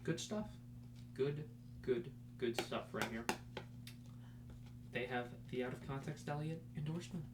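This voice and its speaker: A man's voice: medium pitch, measured pace, long pauses. Young guy rambling on his podcast, lots of you knows, faint hum behind. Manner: rambling, many fillers; excited fan talk. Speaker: podcast host. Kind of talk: casual chat.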